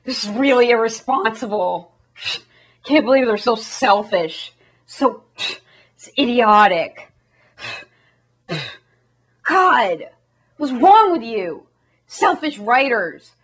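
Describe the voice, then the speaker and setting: Brief: woman as a scoffing, indignant producer, loud. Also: on the high side, lively intonation, slow, long pauses, breathy edge, full character voice.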